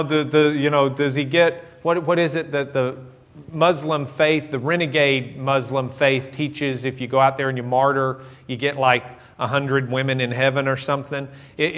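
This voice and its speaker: A middle-aged man preaching, his voice sitting somewhat high for a man. He tells the story with animated, dramatic energy and breaks into the scene to act it out. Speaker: pastor. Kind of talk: sermon.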